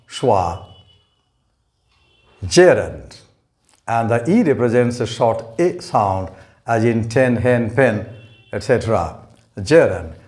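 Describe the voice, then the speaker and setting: Slow, deliberate male pronunciation teacher. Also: medium pitch, darkish tone. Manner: spells out letters and repeats words slowly and deliberately. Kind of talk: recorded pronunciation lesson.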